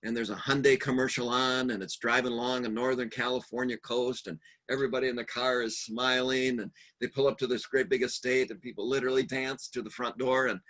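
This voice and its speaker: A man giving a conference workshop talk, humorous and animated, telling stories and acting out the voices of the people he quotes. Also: medium pitch, brisk, hardly any pauses. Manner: lively, animated delivery. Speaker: seminar speaker.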